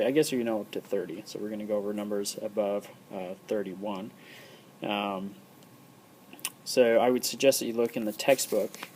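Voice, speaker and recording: A man's voice: fairly low pitch, darkish tone, slight background noise, rough recording. A man giving a casual recorded lesson, explaining step by step with many ums and uhs. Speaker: teacher.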